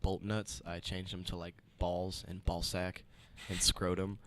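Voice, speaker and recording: A man's voice: low voice, level tone, unhurried, fairly bright tone. A young man co-hosting a casual chat, telling stories with lots of laughter and swearing. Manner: laid-back, laughs often, swears, acts out others. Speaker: podcast co-host.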